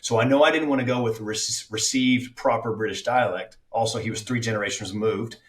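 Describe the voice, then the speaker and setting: A man's voice: medium pitch, steady tone, brisk, reverberant, far from the mic. A man speaking as an actor guest on a casual podcast, reflective, with many fillers and restarts.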